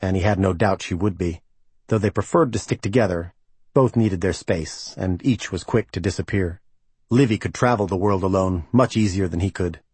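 A man reading a novel aloud as the narrator, in an even, measured manner. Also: low-pitched, husky, no room sound. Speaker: audiobook narrator. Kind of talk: scripted narration.

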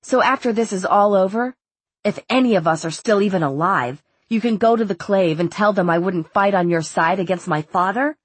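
A woman's voice: medium pitch, normal speed, breathy edge, no echo, natural voice. A woman reading an audiobook, voicing a defiant, sarcastic teenage boy. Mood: angry. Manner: curt and sarcastic.

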